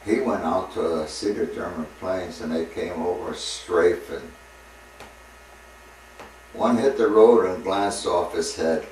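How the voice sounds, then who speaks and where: A man's voice: deep voice, slow pace, darkish tone. A man in his seventies, a war veteran, telling old stories in a rambling way and chuckling between them. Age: 70s. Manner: rambling storyteller who chuckles between anecdotes. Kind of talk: recounting war memories. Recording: echoey room with distant mic and faint noise.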